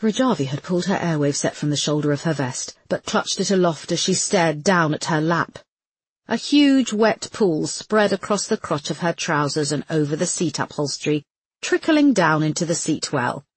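A woman narrating an audiobook with a low, husky voice and a lively, animated delivery. The reading is scripted and dramatic. It is recorded dry and close. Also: moderate pace, no room sound.

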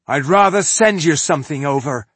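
A man voicing a gruff, defiant male dwarf crossbowman who shouts battle taunts. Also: a little high, expressive, moderate pace, dry recording, pitched above the performer's own voice. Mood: gruff taunting.

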